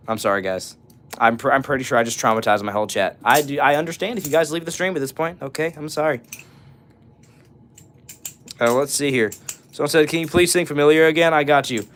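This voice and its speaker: A fast-talking young man with a medium-pitched, fairly bright voice runs a casual livestream. He reads viewers' chat comments aloud, answers them in a relaxed way, and now and then sings short song fragments.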